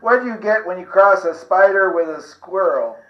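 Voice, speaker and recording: A man's voice: high voice, expressive, moderate pace. A man playing a wisecracking male zombie squirrel who tells corny nut puns and laughs at his own jokes, on an echoey lo-fi recording. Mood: joking.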